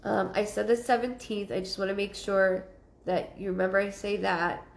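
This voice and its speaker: A woman's voice: medium pitch, fairly even intonation, normal speed, gravelly, echoey room. A woman giving a live psychic reading, rambling and repeating herself with many ums. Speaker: psychic medium.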